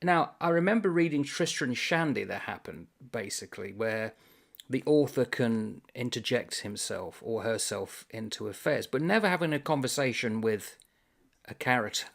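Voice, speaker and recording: A man's voice: medium pitch, lively intonation, normal speed, gravelly. A man hosting a book channel, casually discussing a comic novel in a rambling, amused way and reading passages aloud.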